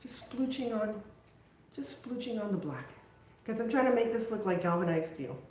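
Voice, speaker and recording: A woman's voice: medium pitch, animated, moderate pace, a little mellow, echoey room, slight background noise. Chatty woman hosting a craft livestream. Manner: chatty, self-mocking, talks to viewers while working. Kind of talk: casual live craft stream chat.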